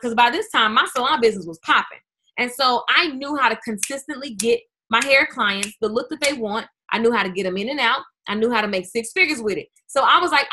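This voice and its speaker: A woman hosting a business webinar, speaking in an energetic, chatty way straight to her viewers. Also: sits high. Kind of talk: live webinar talk.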